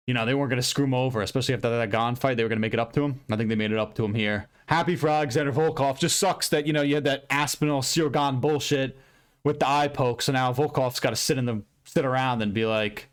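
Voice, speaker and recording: A man giving a casual, profane and rambling recap of a fight card, with bursts of excitement. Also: mid-range voice, fast talker. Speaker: MMA commentator recapping fights.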